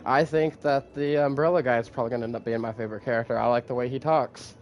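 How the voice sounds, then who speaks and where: A man's voice: medium pitch, steady tone, fast, darkish tone, faint music behind. A man hosting a podcast in casual chat, laid-back, swearing freely and laughing often. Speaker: podcast host.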